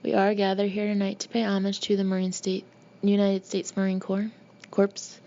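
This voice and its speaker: A woman's voice: medium pitch, monotone, a little fast, warm tone, muffled recording, natural voice. A woman voicing a boy giving a mock-solemn military toast at a family dinner, pompous in a playful way, in an audiobook.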